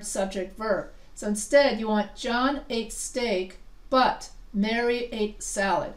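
Fairly high-voiced woman teaching a class. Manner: chatty, asks students questions, restarts often. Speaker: writing instructor. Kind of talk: live class lesson. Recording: echoey room, voice from far off.

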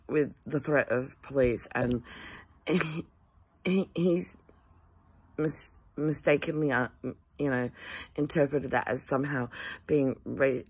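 An Australian woman rants to camera in a very low, husky voice, sighing heavily and stumbling through restarts. Her tone is exasperated throughout. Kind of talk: ranting to camera.

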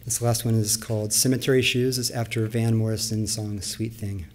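A man giving a measured, rhythmic reading of his own poetry. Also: on the low side, level tone. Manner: measured, rhythmic recitation of lists and images. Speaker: poet.

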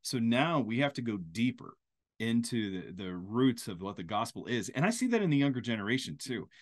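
A man's voice: medium pitch, big pitch swings, fairly quick. A man hosting a faith podcast interview, talking in a playful, joking way with a preacher-like lilt. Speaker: podcast host. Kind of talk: casual interview chat.

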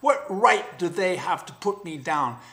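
A man's voice: on the high side, expressive, unhurried, a bit bright. A man voicing a vain, jittery young male jackal cub in a storybook reading, yapping and snappish. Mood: indignant.

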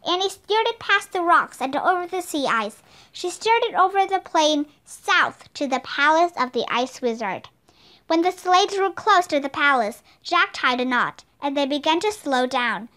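A woman narrates a children's storybook in a high, bright voice. Her reading is steady and expressive. Each sentence is clearly shaped for young listeners. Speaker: audiobook reader.

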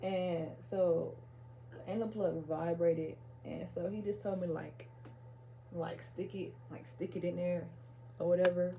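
A woman's voice: on the low side, steady tone, measured pace, gravelly, warm tone, slight background noise. A young woman vlogger telling a casual story, chatty and profane, full of "like" and "y'all," laughing nervously. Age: young adult.

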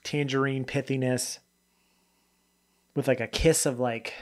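A man's voice: mid-range voice, fairly even intonation, unhurried, a little mellow. A man casually reviewing a beer on his video channel, talking loosely, trailing off and correcting himself as he goes. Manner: rambling and chatty, often trailing off and correcting himself; loose, spontaneous tasting commentary.

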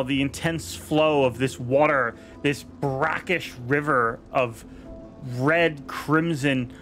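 A slightly high-voiced man runs a tabletop adventure as dungeon master, drawing out his descriptions slowly and dramatically. He talks into a headset on a video call, with soft music playing underneath. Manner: vivid descriptive narration, slowing down for dramatic effect. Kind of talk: narrating a tabletop game.

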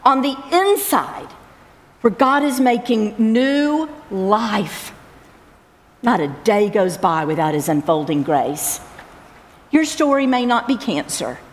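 A woman's voice: on the high side, big pitch swings, slow. A middle-aged woman giving a personal faith testimony at a camp, earnest and repeating phrases for emphasis. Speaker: camp speaker. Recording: long hall reverb.

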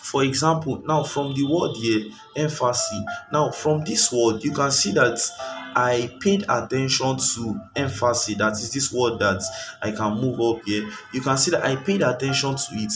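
A man teaching graphic design in a loose, rambling way, stopping often to find the right word. He sits some distance from the microphone, and clear background music runs under his voice. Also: medium pitch, moderate pace. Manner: rambling, searches for words with frequent fillers. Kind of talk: screen-recorded tutorial.

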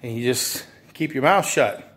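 A man's voice: medium pitch, unhurried, a bit bright. A man teaching furniture sales in a conversational way, repeating phrases and acting out the exchanges between salesperson and customer. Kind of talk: instructional talk with acted sales dialogue.

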